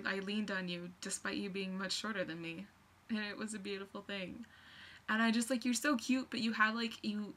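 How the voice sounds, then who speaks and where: A woman's voice: medium pitch, pushed and bright. A young woman rambling in a casual vlog, gushing and scattered, full of fillers. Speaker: vlogger.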